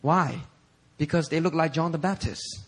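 A male pastor preaching a sermon in a church, telling stories in an animated, conversational way. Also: fairly high pitch, moderate pace. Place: church sanctuary.

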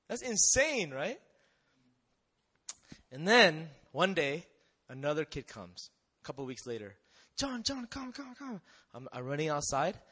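A young man giving a lively testimony talk, telling a mission story with acted-out voices and frequent laughter. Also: mid-range voice. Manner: animated storyteller, acts out voices, laughs often. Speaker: missionary speaker.

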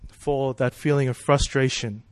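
A man's voice: mid-range voice, fairly even intonation, measured pace, dry recording. A man preaching a sermon in a casual, conversational way, asking rhetorical questions and checking in with "right?" and "you know".

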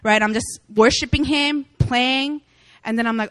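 A young woman preacher giving a casual sermon, chatty and animated, often laughing as she tells stories. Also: a little high, moderate pace, no room sound. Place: church meeting room.

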